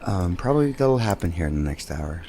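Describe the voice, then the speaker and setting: A man's voice: low-pitched, very animated, brisk, warm tone. A man co-hosting a podcast, making dry asides in casual chat. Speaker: podcast co-host. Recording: faint air conditioning hum behind.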